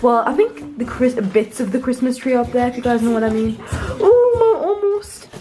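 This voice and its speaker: A young woman vlogging at home, chatting in a bubbly, excitable, giggly way. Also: on the high side, fairly quick, background noise. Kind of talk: casual vlog chat. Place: home, indoors.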